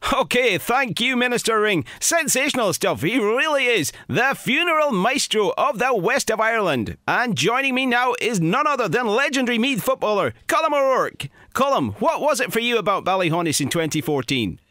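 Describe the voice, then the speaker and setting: A man putting on an excitable male TV sports presenter, announcing in an over-the-top showbiz way. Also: very high voice, normal speed, few pauses, dry recording, studio quality, full character voice. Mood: hyped. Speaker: host of a comedy spoof.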